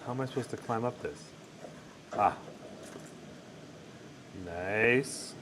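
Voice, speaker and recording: A man's voice: medium pitch, takes it slowly, noisy background. A man hosting a live tech stream, casually commenting on gameplay while answering chat questions. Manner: casual, thinking aloud with fillers.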